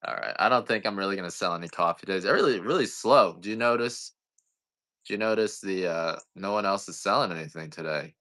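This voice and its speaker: A man with a low voice and a forceful, bright edge rambles through a casual livestream as he sells coffee. He jokes at his own expense and drifts from thought to thought. The sound is dry and close, with no room around it. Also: fast, no echo. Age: adult parent. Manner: rambling, self-deprecating, joking.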